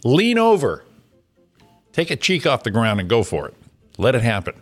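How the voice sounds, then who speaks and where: A man co-hosting a morning show, prodding for details and laughing loudly in casual banter. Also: fairly low pitch, sing-song, quick pace, faint music behind.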